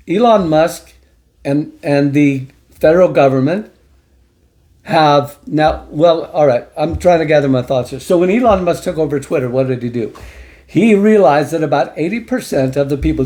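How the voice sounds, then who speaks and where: A man's voice: on the high side, mellow. A middle-aged man hosting an opinion commentary show, talking emphatically in a preachy way and repeating points for stress. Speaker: host.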